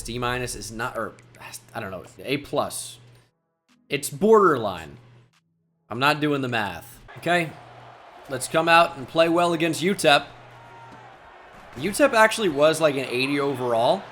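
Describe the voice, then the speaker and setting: A man commentating a football video game as he plays, musing quietly and then shouting at big plays. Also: medium pitch, slight background noise. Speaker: gaming YouTuber. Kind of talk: gameplay commentary.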